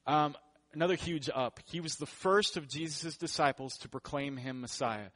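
Male pastor, slightly high voice, casual jokey sermon delivery. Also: normal speed, fairly bright tone. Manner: joking, conversational preaching.

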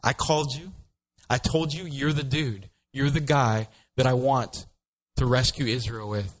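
Male pastor, sermon delivery, lively and humorous, plays the characters. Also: mid-range voice, a little slow, low-quality recording. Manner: lively, joking, acts out voices of biblical figures.

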